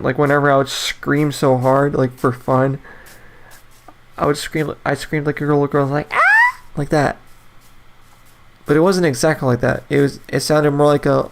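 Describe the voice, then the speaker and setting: A man's voice: mid-range voice, creaky. A young man in his twenties talks alone on his casual podcast. He rambles loosely, stacks up fillers and false starts, and laughs often between thoughts. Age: 20s. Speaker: podcast host. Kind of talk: casual solo podcast monologue.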